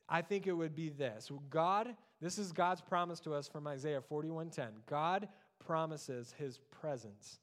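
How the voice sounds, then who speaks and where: Soft-ending pastor with a higher voice. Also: male voice. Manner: drops soft and low on key words. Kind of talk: sermon.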